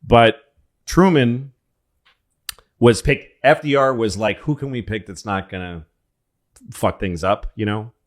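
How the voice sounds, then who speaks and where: A man's voice: on the low side, a little slow, pauses often. A man co-hosting a podcast, casually telling rambling comic stories and swearing a lot. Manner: rambling storyteller, acts out quoted voices, swears. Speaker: podcast co-host. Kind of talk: casual comedic chat.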